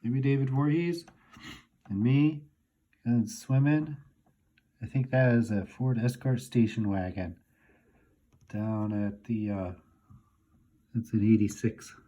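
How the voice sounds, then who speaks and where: Slow, musing man leafing through old photos. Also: medium pitch, mellow. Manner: unhurried, musing, talks half to himself. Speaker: vlogger looking through childhood photos. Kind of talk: casual reminiscing monologue.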